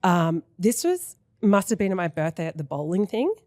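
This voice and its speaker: A woman's voice: on the low side, very animated, moderate pace, darkish tone, no echo, studio quality. Effusive, swearing woman podcast host. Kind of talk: casual interview chat. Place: podcast studio.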